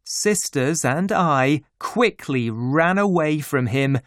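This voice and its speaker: A man reading a children's story aloud in a clear, expressive way. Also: a little high, slow pace, dry recording, studio quality. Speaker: narrator.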